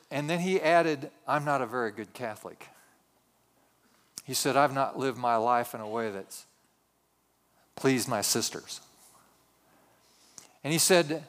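A man's voice: a little high, fairly bright tone. A man preaching a sermon as a pastor, telling a story with a conversational manner and asides to the congregation.

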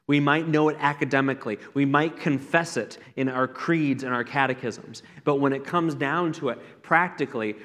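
A man's voice: medium pitch, a bit bright. A man, a pastor, giving an earnest, conversational sermon with repeated phrases. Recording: long reverb from a hall.

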